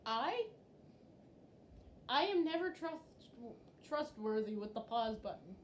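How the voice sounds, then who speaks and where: A woman's voice: fairly high pitch, big pitch swings, slow, roomy sound, slight background noise. A playful woman chatting and teasing a friend while gaming, laughing often. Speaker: gamer co-host. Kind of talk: casual chat while gaming.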